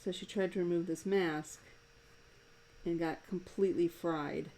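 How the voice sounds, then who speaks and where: A woman's voice: on the low side, fairly even intonation, measured pace, dark tone, rough recording. A woman cartoonist chatting casually while she draws live at her desk, amused and rambling, laughing often. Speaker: live-drawing cartoonist and streamer. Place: home desk.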